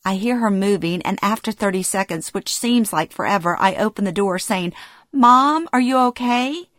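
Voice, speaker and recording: Brisk and mid-range, a middle-aged woman's voice narrates her own memoir in the present tense, giving the dialogue emotional, acted delivery. It's studio quality with no echo.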